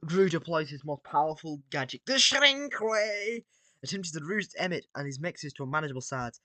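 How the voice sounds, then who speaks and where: A man with a bright, forward voice, recorded close and dry, reads battle text out loud. He delivers it casually, drops asides and the odd swear between sentences. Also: a little high, fast talker, no room sound. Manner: casual, swears and laughs between read lines. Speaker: video creator. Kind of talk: reading out and reacting to AI-written battles.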